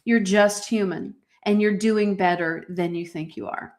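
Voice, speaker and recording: A woman's voice: mid-range voice, steady tone, measured pace, a little mellow. A woman hosting a motivational podcast, reading from her own journal with emphatic, preacher-like exhortations and frequent fillers. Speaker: podcast host.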